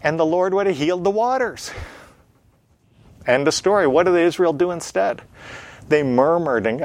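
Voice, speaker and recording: A man's voice: fairly high pitch, lively intonation, moderate pace, long pauses. A man teaching a Bible lesson in sermon style, asking rhetorical questions and answering them himself with emphatic repetition, with frequent filler sounds. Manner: frequent "uh" fillers, plain conversational delivery.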